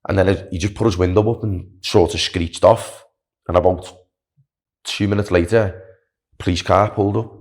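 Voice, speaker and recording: Low-voiced man telling a story. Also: moderate pace, pauses often. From Wales. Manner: animated, chatty, filler-heavy with "like" and "do you know what I mean". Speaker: podcast guest, long-distance walker. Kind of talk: casual storytelling.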